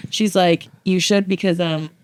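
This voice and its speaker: A woman's voice: on the low side, steady tone, measured pace, a little mellow, clean tone, dry recording. A woman in her twenties co-hosting a podcast, telling a story expressively and acting out the voices of the people in it. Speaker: podcast co-host. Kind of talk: casual chat.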